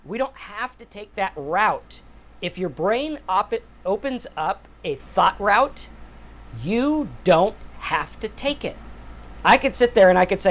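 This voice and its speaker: Slow and high-pitched, with lively intonation, a man in his forties hosts a sobriety channel. He offers a casual, earnest, rambling reflection and often pauses to check in with a "right?".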